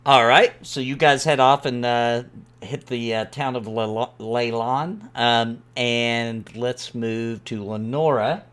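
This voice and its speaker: A man running a tabletop game as game master, halting and full of fillers. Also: medium pitch, fairly bright tone, clean tone.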